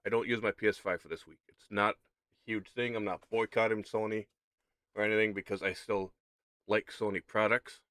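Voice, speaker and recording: A man's voice: on the low side, steady tone, normal speed, fairly bright tone, dry recording. A man talking to his stream audience in casual commentary, repeating points for emphasis.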